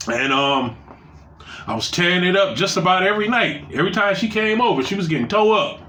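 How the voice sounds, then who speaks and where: Guy telling a dirty story time, bright voice, echoey room. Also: lively intonation, a little fast. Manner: loose, crude storytelling with shifting pitch.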